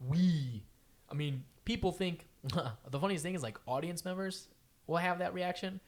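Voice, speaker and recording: Male podcast host, loose and profane, higher-pitched, casual chat. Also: measured pace. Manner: profane, animated storytelling.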